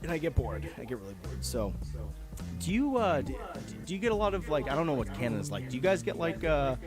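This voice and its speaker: Animated man telling a story. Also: a little high, fast, over music. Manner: animated storyteller, swears freely. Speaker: show host. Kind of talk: casual chat.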